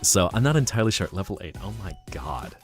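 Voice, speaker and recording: A man streaming live, chatting casually in a rambling, animated way, often laughing and thanking viewers. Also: sits low, quick pace, soft background music.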